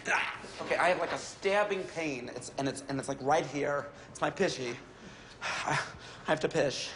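A man's voice: on the high side, moderate pace, fairly bright tone, a little hiss or hum, natural voice. An actor playing a vain, fussy young man who argues rules with theatrical indignation in a sitcom. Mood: whiny. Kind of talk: sitcom acting.

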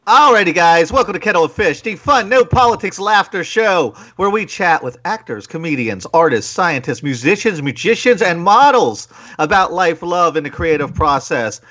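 A man's voice: sits high, expressive, moderate pace, few pauses, bright, forceful tone, dull audio. A man hosting a casual comedy podcast, joking and profane with theatrical introductions. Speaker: podcast host.

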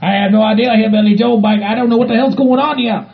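A man's voice: sits high, fairly even intonation, quick pace, gravelly. A man voicing a bewildered hillbilly sidekick with a drawl, repeating himself. The recording sounds dull and lo-fi.

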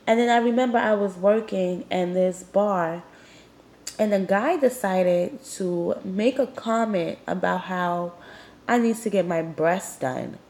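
A woman's voice: medium pitch, a little slow, a little mellow. A young woman hosting a podcast, talking candidly and rambling with lots of "like" fillers, a little congested and sniffling. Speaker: podcast host. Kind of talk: personal confessional monologue.

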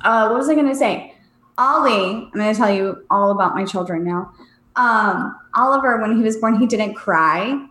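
A woman in her thirties co-hosting a casual podcast chat, an animated storyteller who talks about her children. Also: moderate pace. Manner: animated storyteller, jumps high for quoted voices. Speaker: podcast co-host. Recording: roomy echo.

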